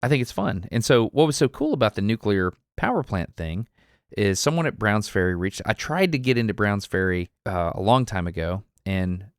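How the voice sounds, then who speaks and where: Man with an Alabama accent, lowish voice, dry close mic; candid guest who laughs often. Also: expressive, normal speed, dry recording. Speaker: podcast guest. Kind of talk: casual conversation.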